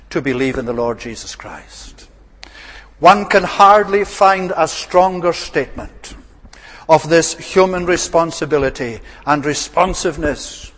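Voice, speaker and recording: A man preaching in a long-echoing hall, his voice a touch high for a man. He speaks earnestly, lifting some phrases and drawing others out slowly as he pleads. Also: a bit bright, slightly rough. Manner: earnest, rising and falling emphasis, slows to plead. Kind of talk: sermon. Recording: long reverb of a large hall.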